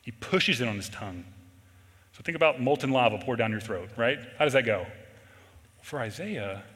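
A man preaching a sermon in an earnest way, shifting between loud emphasis and quiet intensity. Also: mid-range voice, long reverb tail. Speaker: pastor.

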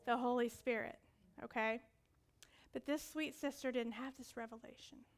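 A woman preaching a sermon, telling stories with acted-out voices and swinging from loud commands to whispered asides. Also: on the high side, fairly even intonation, moderate pace.

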